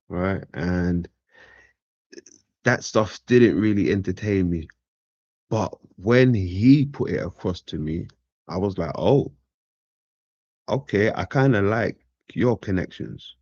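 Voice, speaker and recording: A man's voice: fairly low pitch, unhurried, long pauses, darkish tone, breathy edge, dry recording. A man talking in a casual, laid-back monologue. He often repeats phrases and keeps asking "right?". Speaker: commentator. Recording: dull lo-fi dry sound.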